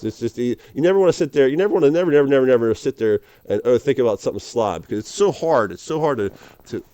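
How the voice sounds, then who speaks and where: A man's voice: medium pitch, animated, very fast, dark tone, clean tone, no echo. A man rambling casually to camera as a vlogger, laughing often and calling the listener dude and man.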